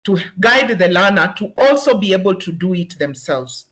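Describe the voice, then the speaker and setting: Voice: mid-range voice, lively intonation, normal speed, a bit bright. A presenter from Kenya with a Kenyan accent, giving an instructional webinar talk to teachers and patiently sounding out words syllable by syllable.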